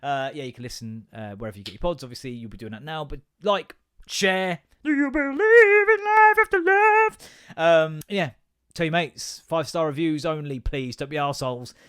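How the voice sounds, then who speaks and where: A man's voice: on the high side, fairly quick, fairly bright tone, clean tone. A man, hosting a solo podcast, chatting casually, swearing a lot and laughing often as he jumps from rant to rant. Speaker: podcast host.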